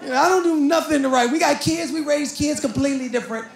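A middle-aged man doing stand-up comedy, telling loud, animated stories and shouting his punchlines on a theater stage. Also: extremely high pitch, fast talker, faint music behind. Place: large theater stage with audience. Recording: echoey venue with crowd laughter.

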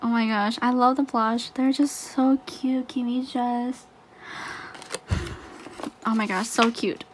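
Woman, high-pitched, slow and drawn-out, gushing unboxing chatter, excitable. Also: a little hiss or hum. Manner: gushing, excitable, often laughing. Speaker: unboxing vlogger. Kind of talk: casual unboxing chat.

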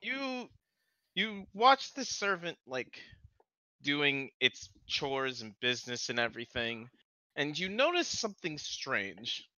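A man narrating a tabletop game as game master, halting and restarting as he describes scenes. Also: a little high, very animated, bright, forceful tone, no room sound, rough recording.

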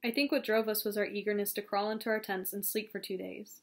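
Woman, audiobook reader, steady calm narration, mid pitch, occasional restarts. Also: fast talker. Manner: calm, steady reading with small slips and restarts. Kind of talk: reading a novel aloud.

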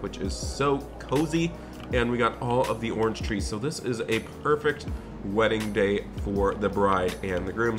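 A man hosting a game role-play video, chatting upbeat and directly to his viewers. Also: on the low side. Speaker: gaming channel host.

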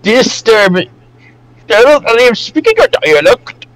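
A man hosting a casual reaction video over voice chat, excitable and swearing often with loud outbursts. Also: extremely high pitch, unhurried, low-quality recording.

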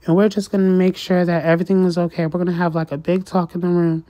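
A woman's voice: on the low side, level tone, fast, dark tone. A woman giving a sassy, casual recap of a reality show, acting out the cast's lines in changing voices and laughing often.

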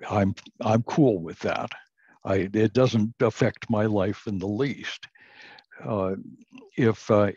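Slow, husky-voiced male Bible teacher. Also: on the low side, darkish tone, dry recording, muffled recording. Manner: halting, many uh fillers and restarts, chuckles at own jokes. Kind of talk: recorded online class lecture.

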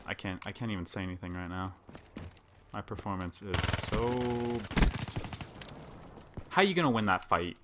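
A man's voice: fairly low pitch, normal speed, long pauses, heavy background noise. A man giving frustrated gameplay commentary, raging and swearing through his outbursts. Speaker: gamer. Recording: loud game gunfire over voice. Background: game gunfire and announcer.

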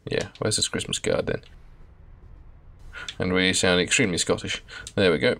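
A man with a very deep voice and a gravelly edge chats his way through a horror game. He tosses in wry asides as he plays. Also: steady tone, normal speed, pushed and bright. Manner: chatty, wry, laughing asides. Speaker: let's play host. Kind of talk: casual gameplay commentary.

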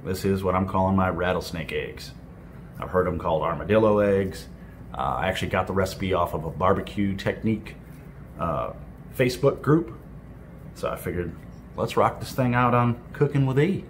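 A man's voice: deep voice, normal speed. A man from the US hosting a casual cooking vlog at an outdoor grill, exclaiming with enthusiasm over the food. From United States. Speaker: cooking channel host. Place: outdoors at a grill on a windy day. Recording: wind and outdoor noise over the voice.

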